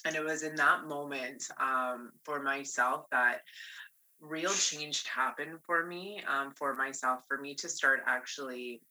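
A woman with a very bright, sharp voice tells her own story openly and earnestly. She talks in a loose, conversational flow and keeps tagging her sentences with a quick "right?" to draw the listener in. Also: rumbling low, steady tone, rough recording. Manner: candid, earnest, often ends with "right?". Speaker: guest. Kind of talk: personal storytelling.

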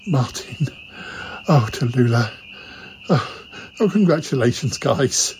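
A man hosts a comedy podcast, stammering and flustered. His tone is mellow and dark. Faint night noise sits behind him. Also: on the high side, measured pace, poor audio. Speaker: podcast host. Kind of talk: comedic improvised chat.

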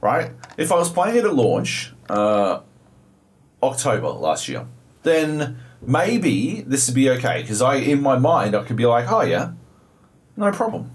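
A man's voice: mid-range voice, sing-song, measured pace. Aussie guy ranting on a podcast, swears a lot, voice swings all over. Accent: Australian. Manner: profane, exasperated storytelling. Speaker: podcast co-host. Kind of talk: casual chat about video games.

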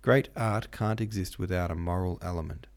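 A man's voice: deep voice, moderate pace, close to an everyday voice. A man voicing a dramatic, opinionated young male art student who argues emphatically. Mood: argumentative. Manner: assertive, emphatic.

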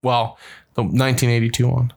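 A man's voice: medium pitch, monotone, a little fast, creaky, a little mellow, slightly rough. A young man co-hosting a podcast, chatting casually with crude jokes and frequent laughter. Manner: laughs often, loose and crude banter. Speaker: podcast co-host. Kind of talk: casual chat.

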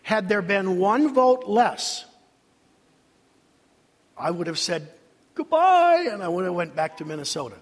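An older man preaching a sermon in a church, dramatic, with long pauses and sudden swells of emphasis. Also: high-pitched, slightly rough. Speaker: senior pastor. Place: church sanctuary. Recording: reverberant church hall.

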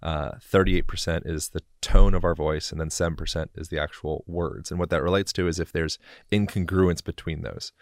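Deep-voiced man explaining bodywork. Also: fairly even intonation, moderate pace, no room sound, studio quality. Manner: rambling, explanatory, casual swearing. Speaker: guest, bodywork practitioner. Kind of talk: conversational podcast interview.

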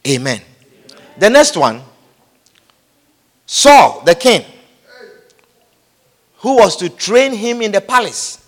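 A man's voice: high-pitched, big pitch swings, slow, pauses often, fairly bright tone. A man preaching a sermon, emphatic and repeating his phrases, calling out amen, recorded in an echoey church hall.

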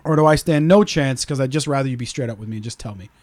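A man hosting a podcast, telling a story in an animated rant full of swearing and acting out other people's lines. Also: mid-range voice, fast. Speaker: podcast host.

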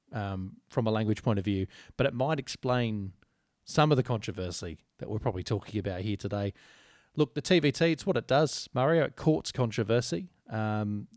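Man, Australian accent, podcast co-host, casual rambling chat, dry humour, lowish voice, dry close sound. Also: a little mellow, no echo.

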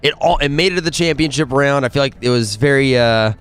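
A man's voice: mid-range voice, fast, fairly bright tone, smooth. A man co-hosting a casual podcast, rambling and enthusiastic as he tells his picks. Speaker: podcast co-host. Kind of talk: casual chat.

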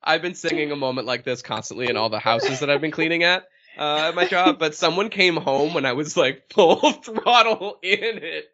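A man co-hosting a casual chat, animated and laughing, breaking into bits of song as he tells stories. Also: on the high side, normal speed, hardly any pauses. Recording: lo-fi sound.

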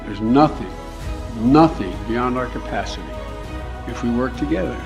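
A man giving a formal political address in a measured, halting way, pausing often. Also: medium pitch, animated, gravelly, music in the background. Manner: measured, halting with frequent uh pauses.

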